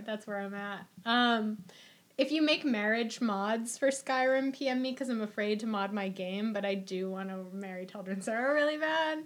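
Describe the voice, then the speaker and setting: A young woman hosts a podcast with a slightly high voice. She chats casually and rambles playfully, often breaking into giggles. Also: moderate pace. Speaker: podcast host. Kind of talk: casual chat.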